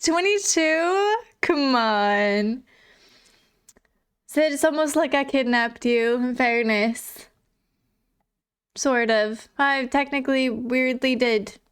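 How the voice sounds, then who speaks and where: A woman's voice: on the high side, takes it slowly, long pauses, clear, resonant tone. A woman streamer in casual live chat, giggly and chatty, reading and answering chat.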